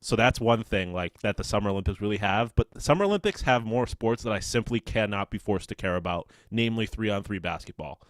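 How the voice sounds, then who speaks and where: Dude co-hosting a sports podcast, lowish voice, dry sound, rambles and swears. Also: male voice, lively intonation, a little fast, hardly any pauses, no room sound. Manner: rambling, swearing, with many restarts. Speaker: podcast co-host. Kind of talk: casual sports chat.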